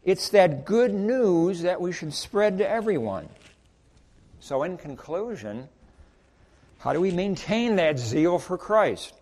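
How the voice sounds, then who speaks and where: A man preaching a sermon in a church sanctuary, telling stories in an animated way and acting out both sides of short exchanges, then leading a prayer. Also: high-pitched, slow pace.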